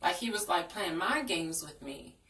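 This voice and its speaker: A woman's voice: lowish voice, expressive, normal speed, pushed and bright. A young woman telling a personal story in a frank, earnest storytime vlog. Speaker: vlogger. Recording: echoey room, distant from the mic.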